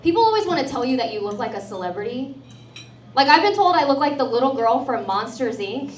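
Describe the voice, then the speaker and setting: High-voiced woman doing stand-up. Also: very animated, fast talker, background noise. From Texas. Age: 30s. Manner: chatty, sarcastic, laughs at her own jokes. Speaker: stand-up comedian and host. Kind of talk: stand-up comedy set. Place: comedy club in front of a live audience. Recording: roomy club sound from a distant mic, audience laughter. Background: crowd laughing and cheering.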